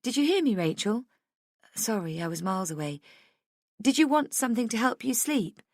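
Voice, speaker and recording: A kindly, brisk female nurse from an audiobook, voiced by a woman narrator raising her pitch. She sounds caring and reassuring, lifting her voice brightly, in a dry, close recording. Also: very animated, no echo. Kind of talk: audiobook dialogue.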